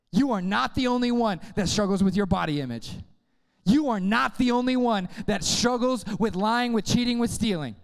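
A man preaching a sermon to young people, energetic and casual, often calling on the crowd to respond. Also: sits high, clear, resonant tone, in a large hall. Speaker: youth pastor.

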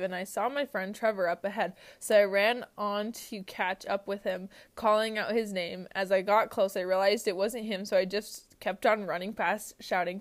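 A young woman hosts a casual podcast. She reads out short funny stories and then chats about them, giggling often and dropping "like" into every sentence. Her voice sits at a middle pitch for a woman. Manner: giggly, many "like" fillers. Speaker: podcast host.

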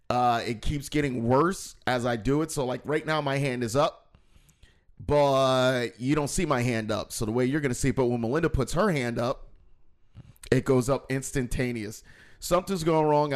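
Joking New man hosting a stream. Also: medium pitch. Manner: joking, animated storytelling with playful put-on voices. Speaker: comedian and show host. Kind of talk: casual banter on a live stream.

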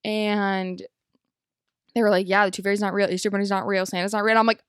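A young woman co-hosting a podcast in casual chat, telling stories in a lively way full of "like" and acted-out quotes. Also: medium pitch, a little fast, clean tone, no room sound, studio quality. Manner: animated storytelling with lots of "like" and acted quotes. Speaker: podcast co-host.

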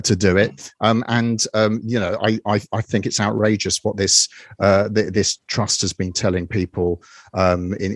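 A man's voice: on the low side, dry recording, studio quality. A man hosting a weekly review show, talking casually with many fillers and restarts. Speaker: host.

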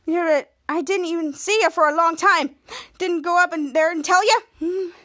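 A woman's voice: very high voice, fairly even intonation, normal speed, sharp tone. A woman voicing a scheming, petulant tiny male villain with a mocking, drawling delivery while recapping a show. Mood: smug.

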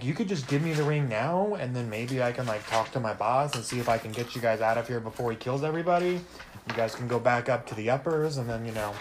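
A chatty henchman of a villain, as a man puts him on, rambling and heavy on filler words. He talks in an ordinary mid-pitched voice, wheedling his way through a tabletop game scene. A faint hiss sits behind him. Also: close to an everyday voice.

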